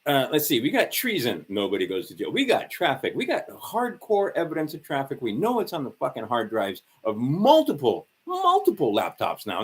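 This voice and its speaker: A man's voice: medium pitch, wildly swooping pitch, normal speed, hardly any pauses, slightly rough. A man ranting sarcastically and profanely on a livestream, rambling and tired. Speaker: livestream host.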